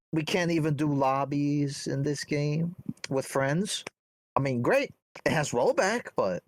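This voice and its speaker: An animated man rants on a casual gaming podcast, building each point up for effect. His pitch swings a lot as he talks. The recording is close and dry. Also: dry recording. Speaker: podcast co-host.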